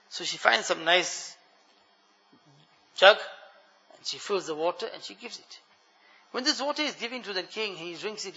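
A man with a high, very bright voice tells a story as part of a sermon, speaking to the congregation as brothers. His voice rings with a long reverb in a large hall. The recording itself sounds dull and lo-fi. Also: moderate pace, pauses often. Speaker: preacher.

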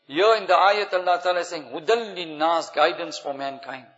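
A man's voice: on the high side, moderate pace, fairly bright tone. Man, imam, earnest teaching sermon, Arabic phrases, muffled lo-fi audio, long hall reverb. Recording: echoey hall, dull lo-fi sound.

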